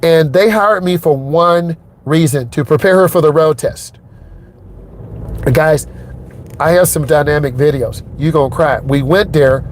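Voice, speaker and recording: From behind the wheel on city streets, a middle-aged driving instructor narrates a lesson, speaking straight to viewers. He is emphatic and repeats himself, his fairly high voice at a measured pace, with a little hiss or hum on the recording.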